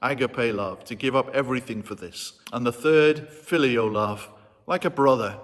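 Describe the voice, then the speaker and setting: A man's voice: medium pitch, moderate pace. A man preaching a sermon as a vicar, retelling a story in an earnest, reflective way. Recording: long hall reverb.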